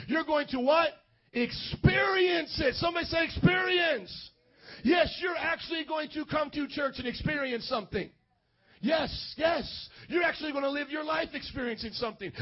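High-voiced fervent shouting preacher. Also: male voice, muffled recording. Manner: fervent, swings between shouting and quiet, call-and-response. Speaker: pastor. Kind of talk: charismatic sermon.

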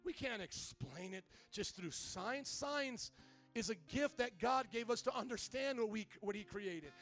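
A male pastor preaching a sermon, building from quiet, measured talk to loud, impassioned calls. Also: high-pitched, expressive, soft background music.

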